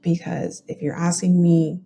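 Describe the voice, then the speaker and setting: Chatty, opinionated Southern woman hosting a true crime show, with a low voice and a faint hiss behind it. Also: little pitch movement, unhurried, gravelly, dark tone. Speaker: genealogy and true crime podcast host. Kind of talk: casual commentary on court records.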